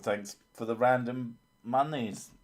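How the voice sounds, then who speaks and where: A man's voice: mid-range voice, steady tone, slow. A man hosting a casual live stream, chatting crudely with lots of swearing and laughter. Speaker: streamer, host of a horror story channel.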